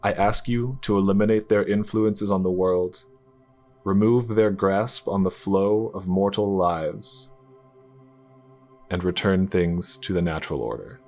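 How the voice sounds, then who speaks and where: A man voicing an ancient cosmic star-being who speaks in a formal, measured and portentous way. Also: low voice, darkish tone, faint music behind. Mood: solemn.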